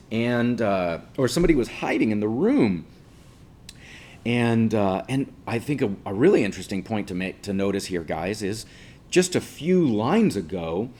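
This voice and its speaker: A man's voice: medium pitch, darkish tone. A male teacher giving a casual classroom lecture, explaining patiently and checking in with listeners by asking 'right?'.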